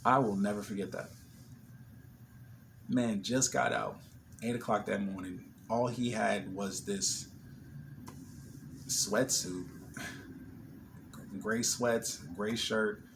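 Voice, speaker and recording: A man's voice: lowish voice, steady tone, slow pace, creaky, pauses often, noisy background. A man vlogging, casually telling an emotional story and retelling a conversation line by line. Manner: emotional, retelling a conversation with quoted back-and-forth.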